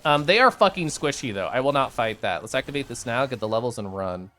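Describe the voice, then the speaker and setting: A game streamer giving chatty, excitable live gameplay commentary, often saying "like" and "um" and answering chat. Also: mid-range voice, quick pace.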